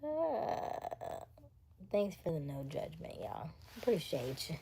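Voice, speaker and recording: A woman from the United States hosting a casual late-night livestream, chatting with viewers, reading their comments and dropping into soft whispers. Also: on the low side, sing-song, slow pace, slight background noise. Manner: chatty, laughs often, reads viewer comments aloud; drops into soft whispers between remarks. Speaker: livestream host.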